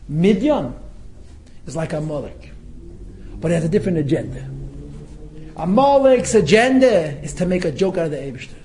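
A man teaching a text-study class, talking in an animated way, often laughing and acting out what people say. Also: a little high, moderate pace, long pauses, slight background noise, poor audio. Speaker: Torah teacher.

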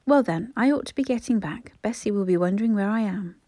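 Woman voicing a gentle middle-aged son. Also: mid-range voice, a little fast, no room sound, lightly acted. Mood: friendly.

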